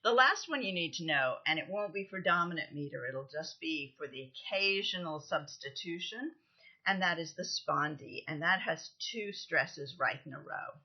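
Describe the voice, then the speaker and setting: A woman lecturer giving a recorded lesson, explaining things patiently, counting out stresses and often pausing with "um". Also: sits low, animated, husky, muffled recording. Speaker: literature lecturer.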